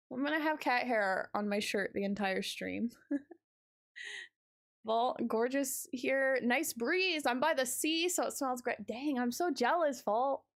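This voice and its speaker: A young woman streaming a game, chatting casually, tired, talking to her chat and her cat. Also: on the high side.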